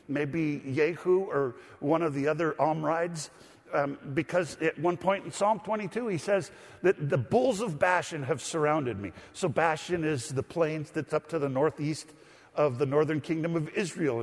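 A man preaching a sermon as pastor, teaching and asking the congregation to read along. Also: on the high side. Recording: long hall reverb.

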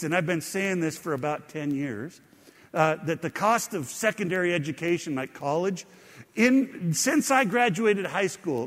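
A man's voice: a little high, fairly bright tone, big-room sound. A middle-aged man preaching a sermon as a pastor, conversational with rising emphasis.

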